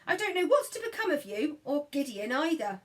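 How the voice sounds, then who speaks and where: A woman's voice: sits high, big pitch swings, brisk, distant mic, pitched above the performer's own voice. Storybook mother, blunt and loving, raised voice; woman narrator doing it. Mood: earnest. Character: rough but loving countryside mother.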